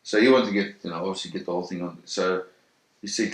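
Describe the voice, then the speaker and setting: A man in an interview telling a first-hand story in a vivid, animated way, acting out the sounds and voices. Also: sits low, fast. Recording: roomy echo.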